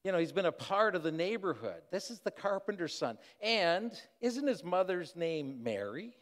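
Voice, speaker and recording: A man's voice: mid-range voice, animated, a little slow, darkish tone, natural voice. A man voicing skeptical townsfolk in a sermon, asking incredulous rhetorical questions. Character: skeptical village townsfolk, astonished and gossiping. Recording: long hall reverb.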